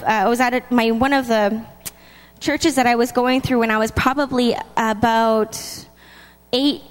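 A woman preaching a sermon in a lively, chatty way. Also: fairly high pitch. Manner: lively, chatty, laughs between points. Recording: long hall reverb.

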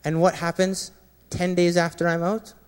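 A man, a former Marine, sharing an earnest personal testimony with a gathering, often dropping quiet and low at painful moments. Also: level tone, moderate pace, clear, resonant tone. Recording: long reverb of a large hall.

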